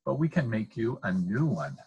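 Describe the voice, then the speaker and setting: A man voicing a small, firm male mouse dentist with a husky voice. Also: on the low side, very animated, darkish tone, highs cut off, heavily acted. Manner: firm, brisk.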